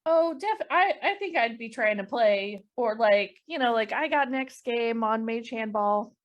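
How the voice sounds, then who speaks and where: Relaxed woman player, slightly high voice, slow delivery. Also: lo-fi sound. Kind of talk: casual chat in a tabletop game.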